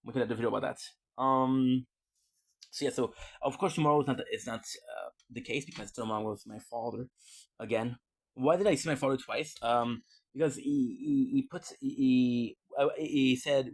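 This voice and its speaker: A man talks to his viewers in a loose, rambling vlog, circling back and repeating himself as he goes. His voice has a gravelly, fried edge at a middle pitch. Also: normal speed. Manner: rambling, with frequent restarts and repeated words. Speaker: vlogger. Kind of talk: casual rambling livestream talk.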